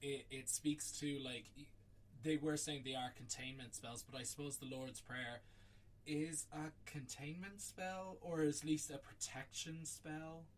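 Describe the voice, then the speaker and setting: A man's voice: on the high side, fairly even intonation, a little slow, distant mic. A man co-hosting a podcast, rambling in casual film chat, swearing and laughing often. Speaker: podcast co-host.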